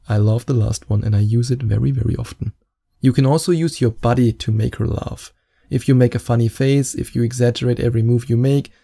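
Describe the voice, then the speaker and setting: A man's voice: mid-range voice, creaky, warm tone, dry recording, studio quality. A man with a German accent, giving dating advice in a playful, joking vlog. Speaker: dating coach.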